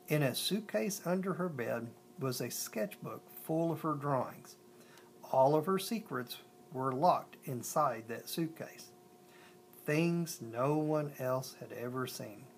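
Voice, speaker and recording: Someone reading a kids picture book out loud, trips over words a lot, faint rumbly hum behind. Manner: stumbles and restarts, slows on lists. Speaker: storyteller.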